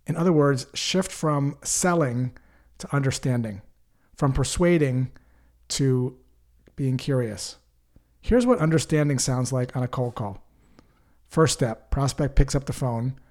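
A man giving a calm sales-coaching talk, acting out short example phone calls. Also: mid-range voice. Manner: calm, coaching, acts out example call lines. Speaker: sales trainer. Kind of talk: instructional talk with sample call scripts.

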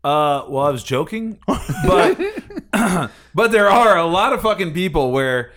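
A man's voice: a little high, lively intonation, measured pace, fairly bright tone. A man co-hosting a comedy podcast, making wry, mock-solemn jokes. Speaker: podcast co-host. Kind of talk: casual comedic podcast banter.

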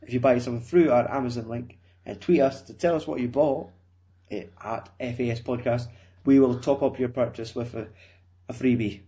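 A man's voice: medium pitch, normal speed, dark tone. Scottish man on a dull lo-fi podcast mic. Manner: rambling, self-mocking, swearing. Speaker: podcast co-host. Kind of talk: casual chat. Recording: dull lo-fi sound.

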